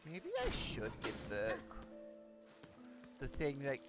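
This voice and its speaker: A man's voice: medium pitch, lively intonation, slow. A young man streaming a game, joking, swearing and thinking aloud in casual commentary. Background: game music.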